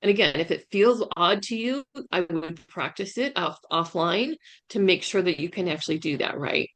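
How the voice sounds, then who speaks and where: A woman's voice: on the low side, expressive, moderate pace. A woman career coach giving a webinar talk over a video call, emphatic and often checking in with "right?". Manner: emphatic, keeps asking "right?". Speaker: career coach, guest speaker. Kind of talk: webinar presentation.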